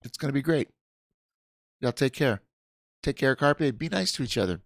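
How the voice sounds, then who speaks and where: A man's voice: medium pitch, animated, normal speed, no echo, clean studio sound. A man hosting a casual livestream, rambling and restarting his sentences, tired and yawning. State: sleepy. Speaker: livestream host.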